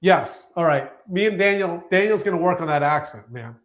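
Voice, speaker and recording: High-voiced man hosting casual banter. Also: lively intonation, normal speed. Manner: loose, joking banter with many restarts. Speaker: show host. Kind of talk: casual podcast chat.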